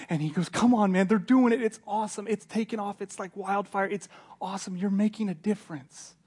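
An eager young companion bursts with good news, repeating himself with rising excitement, as a man puts him on in a sermon. The voice rides high and keeps pushing the point home. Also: normal speed, husky. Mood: excited.

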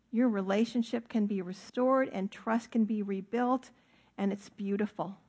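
A middle-aged woman preaches from the pulpit in an earnest, emphatic way. She leans on key words and draws them out slowly, then lets her voice drop low and quiet for the tender points. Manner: earnest, emphatic, with drawn-out stresses. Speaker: pastor. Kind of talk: sermon.

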